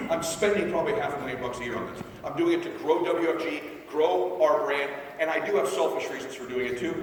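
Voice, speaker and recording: Onstage at a live event in a large hall, a motivational speaker gives a brash, pushy talk to a sales team, often asking the crowd whether they're following. His voice is on the high side. The recording is very echoey, with his voice sounding far off and slight background noise.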